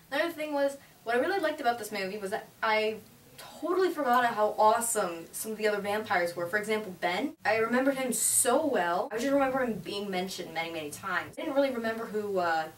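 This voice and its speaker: A teenage girl reviewing a movie in a chatty, gushing way, with lots of "like". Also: mid-range voice. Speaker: vlogger. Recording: roomy, distant mic, faint hiss.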